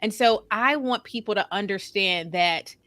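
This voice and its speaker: A woman with a bright, forward voice talks as a podcast guest, earnest and emphatic, often repeating words to drive a point home. The sound is dry and close, with no room around it. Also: mid-range voice, unhurried, no echo. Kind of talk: casual podcast conversation.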